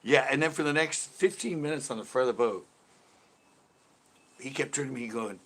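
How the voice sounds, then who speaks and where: A man hosting a casual livestream chat, telling a fishing story and reading viewers' questions. He laughs often and gets lively when he quotes other people. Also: mid-range voice, fast, long pauses. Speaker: livestream host.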